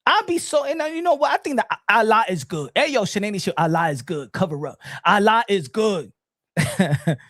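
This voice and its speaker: Man, very high voice, swooping wildly in pitch, shouting mocking comedy rant, dry close sound. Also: expressive, moderate pace, no echo. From New York City. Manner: loud, shouty, profane and taunting. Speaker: online commentator.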